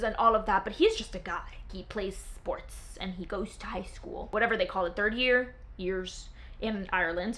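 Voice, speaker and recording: Young woman book vlogger, gushy and excitable, high sparkly voice. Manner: gushing and excitable. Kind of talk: casual book chat.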